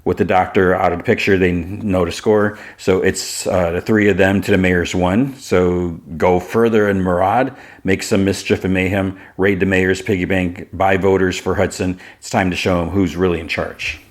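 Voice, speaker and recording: A man with a low, deep voice talks through a story recap in a loose, unscripted way. He strings events together with fillers and relays what the characters say without much fuss. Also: level tone, normal speed, hardly any pauses. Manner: rambling retelling, full of fillers like "like" and "you know". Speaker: podcast host. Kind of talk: casual episode recap.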